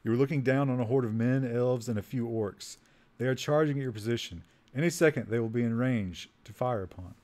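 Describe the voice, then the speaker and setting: A man's voice: mid-range voice, fairly quick, a little mellow. Man reading a text game aloud. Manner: reads game text aloud and laughs at it, trailing off while typing. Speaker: streamer. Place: home streaming setup.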